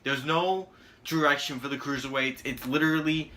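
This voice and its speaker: A man's voice: a little high, steady tone, normal speed, bright, forceful tone. A young man hosting his own channel, reviewing a show in a sarcastic, rambling, crude rant. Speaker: channel host, wrestling reviewer. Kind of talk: casual ranting video review.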